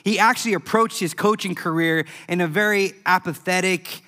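A man preaching a youth sermon, telling a story in an animated, emphatic way. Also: sits high, normal speed. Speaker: youth pastor. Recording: echoey hall.

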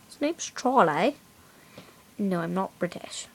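A woman's voice: medium pitch, a little slow, pauses often, slightly rough. A woman rambling casually in a home vlog, recorded on a handheld music player, often dropping into whispered asides. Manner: chatty, drifts into whispered asides. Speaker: new video maker. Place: at home near her bed. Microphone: handheld music player camera.

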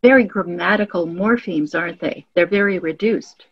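A woman's voice: on the low side, normal speed, slightly rough, muffled recording. A woman hosting a language interview over a video call, curious and analytical, with linguistics terms. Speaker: host. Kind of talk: interview chat.

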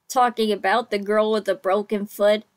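A woman's voice: mid-range voice, steady tone, a little slow. A woman hosting a reaction channel, giving casual, hesitant commentary with restarted sentences.

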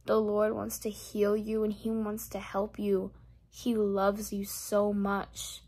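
A young woman in a casual vlog who shares a faith testimony and then leads a spoken prayer. She talks earnestly, repeats her phrases and drops to soft whispers as she prays. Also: medium pitch, monotone, takes it slowly, husky. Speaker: vlogger sharing a faith testimony.

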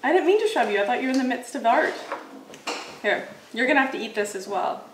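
A woman's voice: on the high side, lively intonation, fast, recorded from a distance, background noise. A woman reviewing grocery snacks in casual chat, laughing often and musing aloud as she tastes. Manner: chatty, laughs often, muses while tasting. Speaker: food vlogger. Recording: echoey room, mic set back.

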